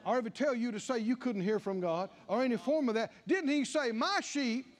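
A man's voice: very high-pitched, fairly quick. An older man preaching a sermon and acting out back-and-forth dialogue, building to emphatic declarations.

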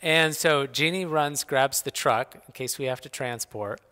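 A middle-aged man speaking at church, telling personal stories in a folksy, animated way. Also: medium pitch, unhurried. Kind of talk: personal storytelling talk. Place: church sanctuary. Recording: long hall reverb.

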